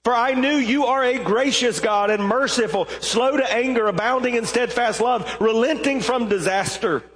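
A man's voice: very high voice, normal speed, a bit bright, roomy sound, long reverb tail, voice pushed up. A man voicing an anguished male prophet crying out to God in a raised, pleading voice.

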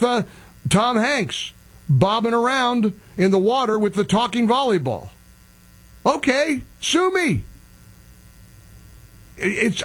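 A male talk show host with a husky voice rants in an exasperated, self-mocking way. His voice sits high and swings widely in pitch. A faint mains hum lies under the recording. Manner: exasperated, ranting, self-deprecating. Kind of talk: casual opinionated radio monologue.

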